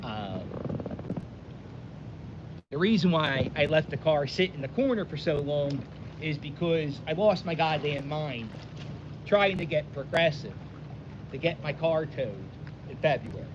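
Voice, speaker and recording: A man's voice: fairly high pitch, lively intonation, unhurried, long pauses, dull audio. A man telling a rambling, exasperated story in a casual vlog, recorded outdoors in the wind. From Philadelphia. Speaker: vlogger. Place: outdoors by the water, windy.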